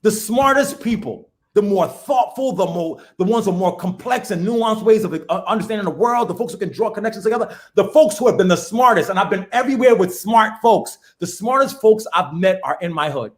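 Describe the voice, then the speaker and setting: A man, a professor talking as a guest in a casual, animated, slangy way, laughing as he goes. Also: high voice, fairly quick, few pauses. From the Bronx, New York. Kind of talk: casual conversation.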